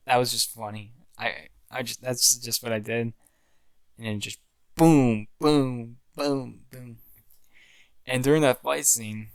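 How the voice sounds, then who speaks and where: A young man with a mid-range voice rambles through the story of an amateur fan film he made, restarting often and acting out his own lines from it. His tone is clean and there's no echo, fitting casual storytelling.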